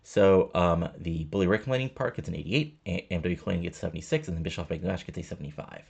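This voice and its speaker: Gravelly fast-talking man narrating a game. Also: deep voice, darkish tone, muffled recording. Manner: rambling, many fillers, reads out characters' lines in his own voice. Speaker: host narrating a wrestling simulation playthrough. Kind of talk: casual let's-play narration.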